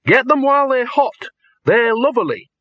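A man voicing a pompous old male wizard dean who squeaks high when flustered, on a slightly dull recording. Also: big pitch swings, normal speed, bright, forceful tone, no echo, heavily acted. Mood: panicky.

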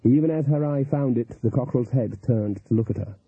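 Husky man narrating a story. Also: mid-range voice, fairly quick, dry recording. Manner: expressive, lively storytelling. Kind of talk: audiobook narration. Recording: tinny, phone-like, dry audio.

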